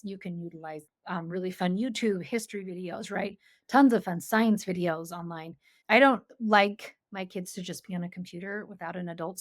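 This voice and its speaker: A woman in her forties, a homeschool coach as a guest, talking in a chatty, animated way with lots of fillers. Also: mid-range voice, no echo, studio quality. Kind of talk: casual interview chat.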